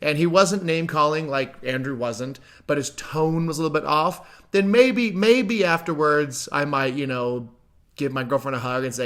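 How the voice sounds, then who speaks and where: A man's voice: a little high, normal speed, fairly bright tone. A man giving reaction commentary on a debate clip, conversational and emphatic, full of rhetorical questions.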